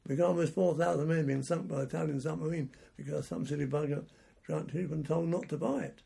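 An old veteran spins his wartime memories in a loose, wandering way, circling back over his own words. His voice is heavily gravelly and husky, sitting a bit high for a man, with a dark, mellow color. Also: steady tone, brisk. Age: older. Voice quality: gravelly and raspy. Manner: rambling anecdotal telling with restarts. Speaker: war veteran interviewee. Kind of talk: oral history storytelling.

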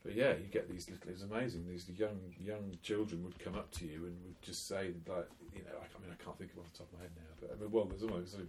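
A male interviewer breaks in with his own travel memories and a few short questions. He speaks quickly in a very deep voice, with a faint hiss of noise behind him. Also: fairly even intonation, a little mellow, low-quality recording. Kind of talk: casual interview chat.

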